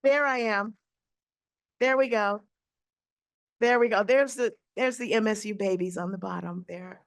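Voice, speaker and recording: A woman's voice: medium pitch, unhurried. A woman in her sixties, a jazz singer and teacher, telling a personal story in a speech, acting out the voices.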